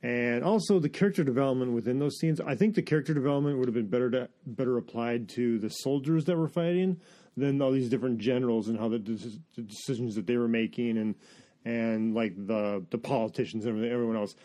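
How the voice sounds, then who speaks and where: Mellow-voiced man ranting about a movie. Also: medium pitch, fast. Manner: rambling, opinionated, frequent restarts and laughs. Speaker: movie review podcast host. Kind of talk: casual film review chat.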